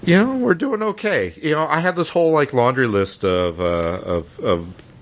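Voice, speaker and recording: A man's voice: medium pitch, lively intonation, normal speed. An American man co-hosting a podcast, talking in a rambling, reflective way with many fillers and restarts. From United States. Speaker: podcast co-host. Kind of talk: casual podcast chat.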